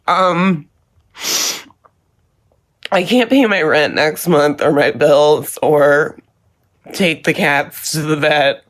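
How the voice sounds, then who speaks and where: Woman talking slow and low, lots of ums, kinda halting. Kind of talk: personal statement video.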